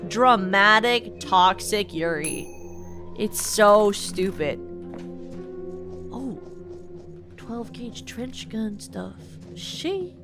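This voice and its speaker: A young woman streaming a game, ranting casually and swearing a lot. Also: a little high. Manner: profane, ranting, exasperated. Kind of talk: casual gameplay rant. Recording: game music behind.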